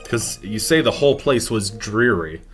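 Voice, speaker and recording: A man's voice: lowish voice, animated, moderate pace, fairly bright tone, soft background music. A man doing casual, sarcastic let's-play commentary, mocking the game as he reads its lines aloud.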